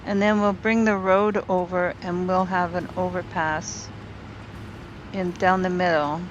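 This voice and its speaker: A woman's voice: lowish voice, flat delivery, a little slow, lo-fi sound, a little hiss or hum. Chatty woman streamer thinking aloud. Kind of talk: casual gameplay chat with viewers. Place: home apartment.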